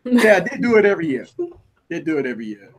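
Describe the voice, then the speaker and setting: A man hosts a loose, joking livestream chat. His voice sits a little high for a man, and he tends to repeat his lines while he talks. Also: fast, a crowd in the background. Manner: animated, joking, repeats himself. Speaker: host.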